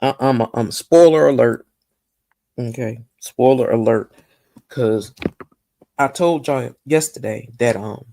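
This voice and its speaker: Woman, gravelly fry, lively swooping pitch, gossipy TV recap vlogger, chatty to viewers. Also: dry recording, studio quality. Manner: animated, gossipy, addresses viewers directly. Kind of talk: casual episode recap.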